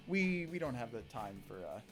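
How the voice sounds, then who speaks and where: A man's voice: medium pitch, sing-song, soft background music. A man running a tabletop game, chatting casually and joking with his players over a voice call. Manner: joking, quick to laugh. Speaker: game master. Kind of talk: casual pre-game chat.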